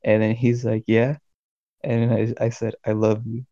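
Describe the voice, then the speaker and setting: A man's voice: mid-range voice, completely flat delivery, normal speed, mellow, no room sound, lo-fi sound. A young man in his late teens, co-hosting a podcast, telling a story in a laid-back way full of filler words. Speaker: podcast co-host. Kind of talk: casual storytelling chat.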